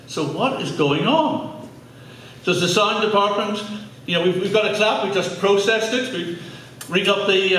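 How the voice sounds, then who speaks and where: A man's voice: high-pitched, fairly bright tone, a little hiss or hum. Irish man lecturing in an echoey hall. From Ireland. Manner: conversational, jokey asides with audience. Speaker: speaker giving a public talk. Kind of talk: lecture to a live audience. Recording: echoey hall, mic at a distance.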